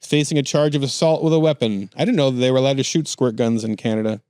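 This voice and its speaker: A man co-hosting a comedy podcast, reading out a news story and cracking jokes as he goes. His voice sits at an ordinary middle pitch. It is recorded close and dry, with no room sound. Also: quick pace, darkish tone, clear, resonant tone, no echo. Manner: jokey, laughs often, reads headlines aloud. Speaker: podcast host. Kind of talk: casual comedic news chat.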